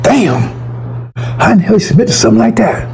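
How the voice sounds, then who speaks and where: A man's voice: sits high, big pitch swings, brisk, gravelly, a little mellow, a little hiss or hum, low-quality recording. A man preaching an informal, fiery sermon to his congregation, emphatic and profane, often stumbling and restarting his words.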